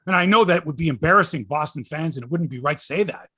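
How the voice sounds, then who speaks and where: A middle-aged man hosting a sports podcast in casual chat, excitable and jumping between topics. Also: a little high, fast talker, few pauses, slightly rough, dry recording, studio quality. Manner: excitable, jumps between topics, chuckles and trails off.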